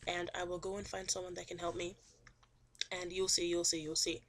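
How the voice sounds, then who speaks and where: A desperate, proud widow, turned out of her home and swearing she will prove there is justice, as a woman puts her on in a low voice. She sounds cornered but defiant. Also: flat delivery, fairly quick. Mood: desperate defiance.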